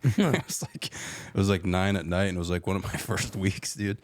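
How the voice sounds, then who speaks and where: A man's voice: low-pitched, normal speed. A man in casual podcast chat, laid-back and saying "dude" a lot as he tells a story.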